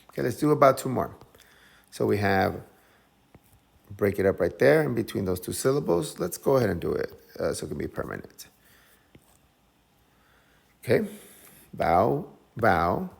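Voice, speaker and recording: A man's voice: low-pitched, gravelly, a little mellow. A man teaching English phonics, patiently sounding out each syllable and repeating whole words several times. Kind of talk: phonics lesson.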